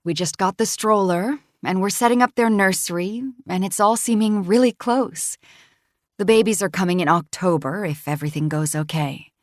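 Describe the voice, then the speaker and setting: A woman's voice: medium pitch, normal speed, no room sound, studio quality, natural voice. A woman voicing a cheerful young pregnant woman who talks in a bubbly, breathless way. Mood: happy.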